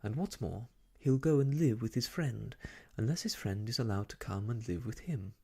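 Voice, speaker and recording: A soft-spoken ASMR reader voicing a calm, brisk nanny who speaks in a cool, matter-of-fact way. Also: mid-range voice, breathy edge.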